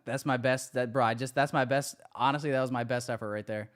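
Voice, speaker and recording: A man hosting a casual livestream, bantering excitedly with his chat and running giveaways. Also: medium pitch, a little fast.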